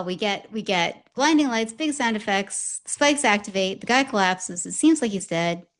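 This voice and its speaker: A woman co-hosting a podcast, casually recapping an anime episode and acting out the characters' lines as she goes. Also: on the low side. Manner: animated storyteller, acts out quotes.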